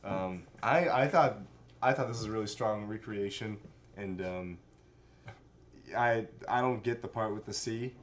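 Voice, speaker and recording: Deadpan co-host, lowish voice, faint background noise. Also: male voice, unhurried. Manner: deadpan, joking. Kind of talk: casual chat.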